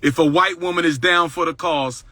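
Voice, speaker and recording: A man hosts a livestream in a slightly high voice, speaking at normal speed with a sharp tone and no echo. He talks boldly and boastfully, using a preaching cadence and repeating his lines for emphasis.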